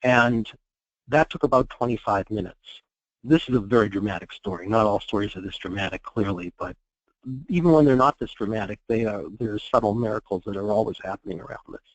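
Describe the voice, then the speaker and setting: A man presenting a therapy case at a conference, telling it in a measured, explanatory way with frequent fillers. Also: lowish voice, no echo, poor audio. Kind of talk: conference talk, case storytelling.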